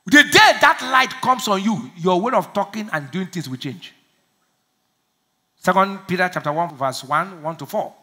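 A male pastor delivers a lively sermon in a high, ringing voice. He laughs through his points, calls on the congregation to answer back and mimics timid prayers in small voices. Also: normal speed. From Nigeria. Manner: laughing, call-and-response preaching.

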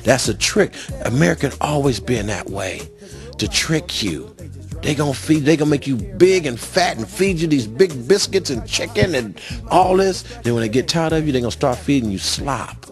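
Man on the street, fired-up profane rant, very lively pitch. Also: normal speed, faint music behind. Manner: agitated, profane, repetitive. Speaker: street interviewee.

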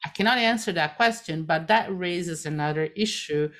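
Woman panel moderator, low-set voice, halting and filler-heavy, webinar tone. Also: fairly bright tone. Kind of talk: live webinar discussion.

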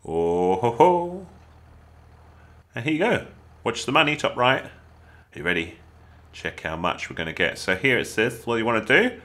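A man with an English accent, talking through a casual gameplay tutorial in a chatty, excitable way with jokey asides. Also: mid-range voice, brisk. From England. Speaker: gaming YouTuber.

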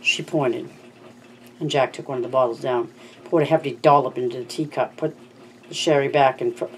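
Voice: medium pitch, steady tone, moderate pace, a little hiss or hum, low-quality recording. A narrator reading a novel aloud as an amateur audiobook, with frequent slips and restarts.

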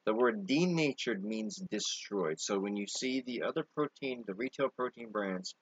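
Guy explaining protein stuff, earnest, says things twice, lowish voice, dull dry sound. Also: expressive, moderate pace, slightly rough, no room sound. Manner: earnest, explanatory, repeats key points. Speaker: co-host explaining the product. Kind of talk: casual product talk.

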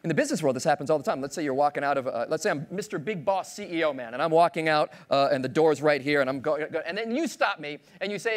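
A man's voice: on the high side, lively intonation, fast, few pauses. A man giving a playful keynote talk on stage, acting out little scenes and voices. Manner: playful, acts out voices of others. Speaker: keynote speaker. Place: large conference hall stage.

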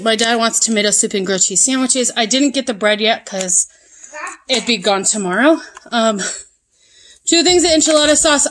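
A woman's voice: on the high side, fairly bright tone, slight background noise, rough recording. A woman vlogging a casual grocery haul at home, chatting as she lists each item one after another. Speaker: mom vlogger.

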